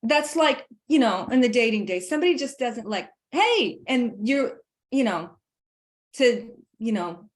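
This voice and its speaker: A woman dog trainer talking through leash training in a casual, lively way, laughing often and hammering her points with emphatic asides. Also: a little high, measured pace. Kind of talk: casual instructional chat.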